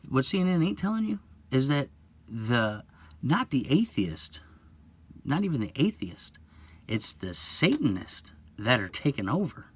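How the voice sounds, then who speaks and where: A man's voice: mid-range voice, slightly rough. A man hosting his own online channel, delivering an agitated, rambling monologue with many restarts and repetitions. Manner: agitated, rambling, repeats himself. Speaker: YouTube channel host. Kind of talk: impassioned conspiracy monologue.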